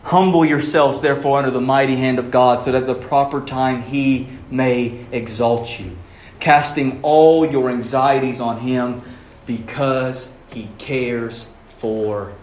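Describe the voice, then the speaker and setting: A man's voice: medium pitch, fairly even intonation, normal speed, darkish tone, roomy sound, slight background noise. A man preaching a sermon as pastor, earnest and pleading, asking his listeners questions.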